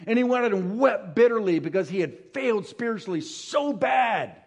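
High-voiced man preaching a sermon. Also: animated, brisk. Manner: storytelling, emphatic, swings from hushed to loud; engages audience with call-and-response.

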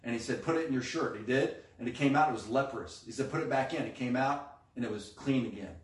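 A man preaches with energy, swinging between hushed asides and sudden emphatic bursts as he acts out quotes. His voice sits at a middling pitch and is heard from some distance in an echoey church room. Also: quick pace. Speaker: pastor. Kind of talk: sermon.

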